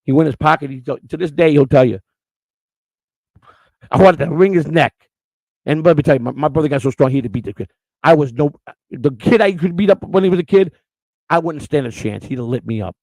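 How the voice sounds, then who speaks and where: Speaking rapidly with gravel and heavy fry, this middle-aged Chicagoan hosts a podcast where he lays out his life story in blunt, emotional, profanity-laced terms. His voice sits a little high and sounds a little mellow, recorded dry and close without any room echo.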